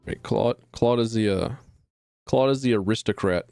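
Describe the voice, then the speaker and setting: A man's voice: fairly low pitch, normal speed, creaky, dark tone, dry recording, soft background music. A young man streaming a video game, rambling in a self-deprecating way and fussing at his microphone. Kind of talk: casual gameplay commentary.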